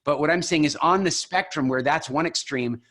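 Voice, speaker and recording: A man leading a coaching call over video, telling stories with animated, expressive delivery. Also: a little high, moderate pace. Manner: animated, expressive storyteller who acts out examples. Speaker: program founder coaching coaches.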